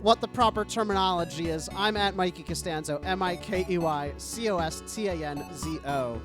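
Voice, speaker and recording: A man's voice: high-pitched, normal speed, over music. A man co-hosting a podcast in casual chat, teasing and bantering playfully. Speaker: podcast co-host.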